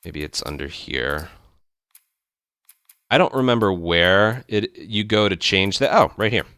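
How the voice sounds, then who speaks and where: A man hosting a speedrun tutorial, explaining step by step in relaxed casual game commentary. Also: low-pitched, a little slow, clear, resonant tone, no echo.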